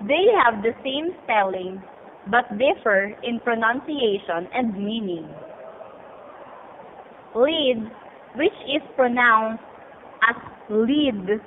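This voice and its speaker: A woman reads a lesson slowly and carefully, pausing between phrases. Her voice sits fairly high, and it sounds tinny and thin, like a phone line, with faint noise underneath. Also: expressive. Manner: careful, halting reading. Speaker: student presenter. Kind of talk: slow read-aloud lesson.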